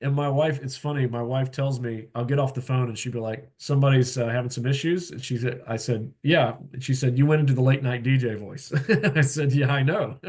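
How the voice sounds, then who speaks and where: Relaxed man mentoring young pastors. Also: mid-range voice. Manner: relaxed and plain-spoken, with frequent fillers and asides. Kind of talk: conversational teaching talk. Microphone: video call.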